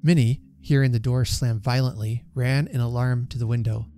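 Male storyteller, warm mellow voice, middle pitch, measured and expressive, faint music underneath. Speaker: reader and channel host. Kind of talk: storytelling reading.

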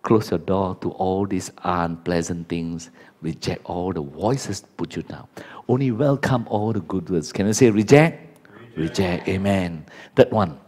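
A pastor in his fifties whose first language is Chinese, preaching a sermon in simple English and swinging between loud exclamations and low, quiet repetitions. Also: husky.

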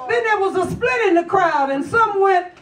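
A woman bishop preaching a call-and-response sermon, swelling into shouts and sung phrases and acting out the Pharisees. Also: extremely high pitch, animated, normal speed, some chatter behind. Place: church service. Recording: echoey church with congregation, mic heard from a distance. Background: congregation responding, organ music.

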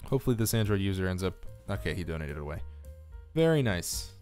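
A man's voice: low voice, sing-song, quick pace, darkish tone, faint music behind. A tired man from the United States giving casual, joking live-stream commentary on a strategy game and reading chat aloud. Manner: chatty, reads chat aloud, joking asides.

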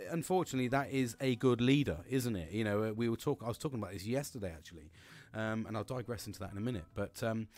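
A medium-pitched man in middle age hosts a podcast, heard with no room sound. Telling a personal anecdote, he's candid and loose, cursing constantly and restarting his thoughts.

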